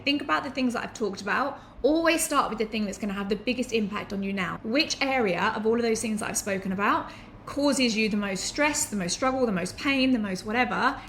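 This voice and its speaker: A woman's voice: fairly high pitch, pushed and bright, a little hiss or hum. A woman, teaching to camera in a chatty, enthusiastic way with anecdotal asides. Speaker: online business educator.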